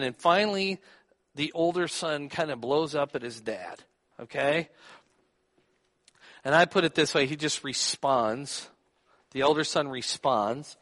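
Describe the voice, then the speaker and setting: A man's voice: on the high side, a little slow, pauses often, a bit bright, in a large hall. A man preaching a sermon, teaching and putting questions to his listeners. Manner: teaching, asks the audience questions.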